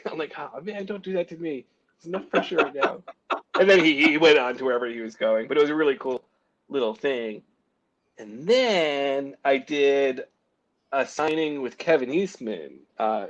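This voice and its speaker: Heard through dull audio, a man with a medium-pitched voice, a comic book artist, recounts self-deprecating tales in a laid-back interview. He imitates what people told him, says "like" constantly, and laughs and coughs softly along the way.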